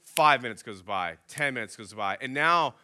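A man's voice: medium pitch, normal speed. A man in his thirties, a pastor, telling a story in a sermon and acting out the dialogue. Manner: animated storyteller acting out both sides of a dialogue.

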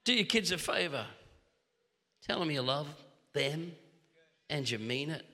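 A middle-aged Australian man preaching a sermon, telling funny stories with quick restarts. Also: a little high. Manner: animated humorous storytelling with quick restarts. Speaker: pastor. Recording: long hall reverb.

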